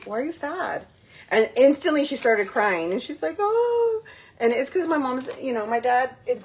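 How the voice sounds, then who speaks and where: Gravelly-voiced woman chatting while cooking. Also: medium pitch, a little hiss or hum, rough recording. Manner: chatty, switches into Spanish phrases, frequent fillers. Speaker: cooking vlogger. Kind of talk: casual chatty cooking vlog. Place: home kitchen. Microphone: phone on a tripod.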